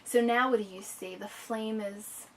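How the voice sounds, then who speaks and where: Expressive woman teacher reading aloud, slightly distant. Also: medium pitch, slight background noise. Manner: expressive, slows down to savor descriptive lines. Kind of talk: reading a picture book aloud to a child, with teaching asides.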